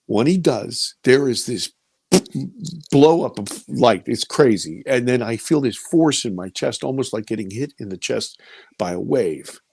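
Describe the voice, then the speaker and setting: Man in his 50s, interview storyteller, gravelly, dry close sound, vivid and repetitive. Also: medium pitch, lively intonation, measured pace, a little mellow, no echo. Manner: vivid storyteller who repeats words when caught up in the story. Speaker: interviewee recounting an encounter. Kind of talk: personal storytelling testimony.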